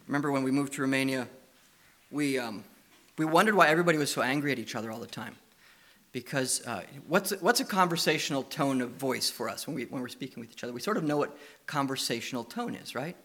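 A man preaching a sermon. He tells lively stories and coaxes the children with questions. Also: medium pitch, quick pace. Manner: lively anecdotal storytelling, coaxing questions to children.

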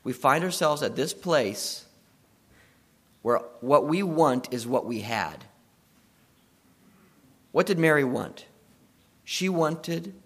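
Retelling a story during a sermon, a man with a husky, mid-range voice alternates between hushed stretches and emphatic ones.

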